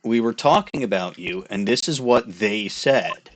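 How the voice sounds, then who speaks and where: A man doing a slow, cold hitman. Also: lowish voice, expressive, a little hiss or hum. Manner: slow, deliberate, formal delivery. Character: calm, measured male professional assassin.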